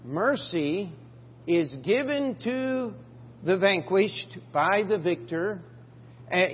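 An older man preaching a sermon as pastor, halting, with frequent fillers and restarts. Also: high voice. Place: church sanctuary. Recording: dull lo-fi church recording with long reverb and faint hum.

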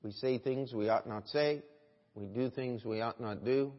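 A male American pastor preaching a sermon in a church, moving from quiet reflection to loud, emphatic exhortation and often calling out "Amen?" to the congregation. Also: medium pitch, measured pace. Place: church sanctuary. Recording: dull recording with long church reverb.

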